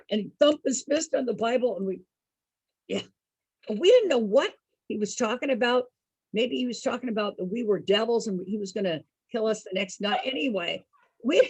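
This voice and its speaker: Husky lady telling stories on a video call, bit high pitched, calls everyone folks. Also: animated, moderate pace, a little mellow, dry recording, rough recording. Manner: chatty, addresses listeners as folks. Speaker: storyteller host. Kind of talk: casual storytelling to an online group.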